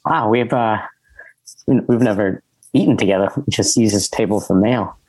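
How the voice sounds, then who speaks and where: An actor at a table read playing an awkward young male housemate, speaking haltingly. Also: on the low side, a little mellow, no echo, poor audio.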